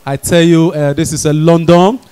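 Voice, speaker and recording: Young Nigerian-accented male comic, high voice, lively storyteller with quick character jumps. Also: clear, resonant tone. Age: young adult. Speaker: stand-up comedian. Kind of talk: stand-up comedy in Nigerian Pidgin.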